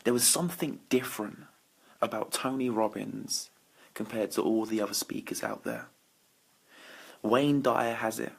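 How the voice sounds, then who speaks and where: A man's voice: fairly low pitch, a little slow, creaky, long pauses, breathy edge. A man doing a late-night Facebook Live as a motivational speaker, talking energetically to viewers and greeting them by name. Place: indoors at night. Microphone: phone or webcam for a live stream.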